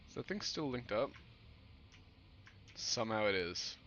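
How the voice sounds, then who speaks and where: Slow, relaxed man narrating gameplay. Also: on the low side, highs cut off, a little hiss or hum. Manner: relaxed, muttering to himself while he plays. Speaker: gaming streamer. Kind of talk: casual gameplay commentary.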